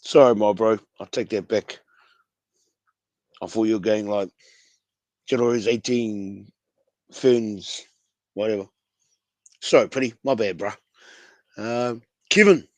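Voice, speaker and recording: A man's voice: lowish voice, takes it slowly, pauses often, no room sound. A man with a New Zealand accent hosting a casual fan livestream, laid-back and slangy, calling everyone bro. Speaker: fan show host.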